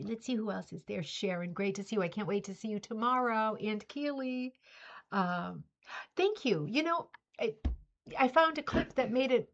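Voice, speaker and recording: Middle-aged lady chatting on a home livestream, says hi to everyone by name, a bit dull lo-fi sound. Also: mid-range voice. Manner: chatty, greets viewers by name, coos baby talk to her dog. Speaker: livestream host of a rug hooking club. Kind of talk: casual chat. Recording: slightly dull lo-fi livestream audio.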